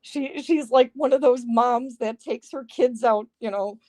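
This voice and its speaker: A woman's voice: fairly high pitch, unhurried, dark tone, no echo. A woman hosting a casual livestream, chatty and sarcastic, often breaking into laughter, talking into a phone microphone. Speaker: livestream host. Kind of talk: casual live-stream chat.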